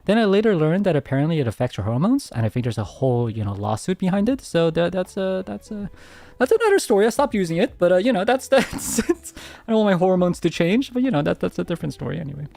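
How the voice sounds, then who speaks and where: A man streamer answering viewer questions in a soft, hesitant casual chat, speaking very close to his mic at home. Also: high-pitched, very animated, fast talker, dry recording. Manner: soft-spoken, hesitant, many restarts.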